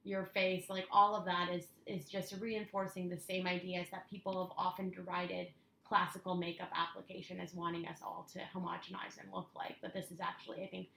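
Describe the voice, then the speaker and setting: A woman's voice: on the low side, little pitch movement, brisk, creaky, few pauses, fairly bright tone, roomy sound, slight background noise, low-quality recording. A woman co-hosting a podcast, talking in an opinionated casual way with many "like"s. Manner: opinionated, lots of "like". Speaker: podcast co-host. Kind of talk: casual chat.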